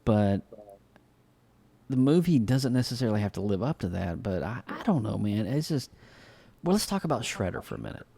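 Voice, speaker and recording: A man's voice: on the low side, normal speed, vocal fry, breathy edge. A man co-hosting a podcast, chatting casually about a film, loose and full of fillers. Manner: relaxed, filler-heavy, says "man" often. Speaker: podcast co-host. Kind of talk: casual review chat.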